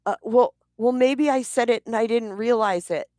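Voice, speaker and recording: Give me a woman doing a hesitant, defensive man who trips over his words, in a flat, dry, close-miked sound. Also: a little high, moderate pace, no echo, pitched above the performer's own voice, lightly acted. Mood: evasive. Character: evasive stammering adult male partner.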